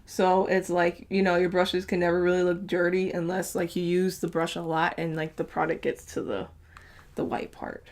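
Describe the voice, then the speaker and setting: A woman's voice: fairly low pitch, flat delivery, normal speed, darkish tone. A chatty young woman, talking through a makeup tutorial with frequent fillers and laughs. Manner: chatty, upbeat, laughs often, lots of fillers. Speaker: beauty vlogger.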